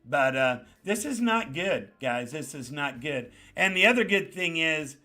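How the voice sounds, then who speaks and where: There's faint music behind this Bronx-born livestream host, whose New York accent comes through in a bright, forceful voice pitched a little high. He speaks in an unhurried way, stays casual and animated, welcomes viewers by name one by one, and repeats himself for emphasis.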